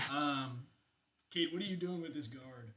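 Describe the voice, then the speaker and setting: A man's voice: on the high side, slight background noise. A man narrating as game master of a tabletop game, chatty, with many fillers and laughs.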